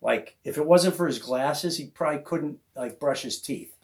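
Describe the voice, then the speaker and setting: A man's voice: fairly high pitch, normal speed. A man hosting a podcast, telling a hunting story in casual chat and acting out the other people's voices. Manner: animated storyteller who acts out voices of others. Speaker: podcast host.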